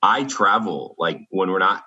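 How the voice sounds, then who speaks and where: A man chatting casually on a video call, rambling with halting restarts. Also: deep voice, animated, pushed and bright, breathy edge. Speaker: podcast guest. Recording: dull lo-fi video call audio.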